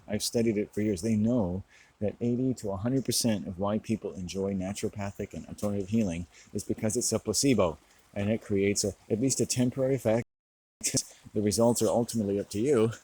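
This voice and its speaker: A man's voice: fairly low pitch, warm tone, breathy edge, poor audio. A man talking in a rambling, profane monologue, sarcastic and laughing at his own jokes.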